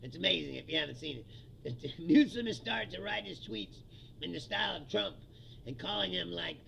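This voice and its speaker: A man's voice: on the high side, lively intonation, moderate pace, gravelly, a bit bright, slight background noise, low-quality recording. A man hosting his own livestream, ranting about politics in a heated, profane, laughing casual style. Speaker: livestream host.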